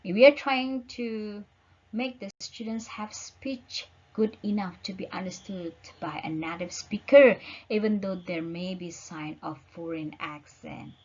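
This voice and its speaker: Husky woman lecturer, slow and searching for words, on a dull lo-fi recording. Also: mid-range voice. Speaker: teacher. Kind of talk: online lecture.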